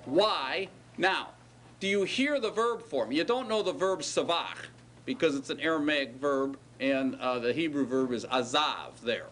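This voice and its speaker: A man's voice: a little high, expressive, measured pace, a bit bright, a little hiss or hum. A middle-aged man teaching a classroom lecture, explaining patiently step by step and checking that his students follow. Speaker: Hebrew teacher.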